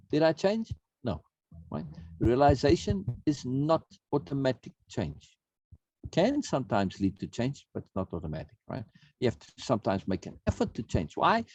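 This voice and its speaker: A man's voice: medium pitch, warm tone, husky, no echo, muffled recording. A man teaching an online self-help course in a conversational way, often repeating words and checking in with "right?". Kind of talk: recorded online course talk.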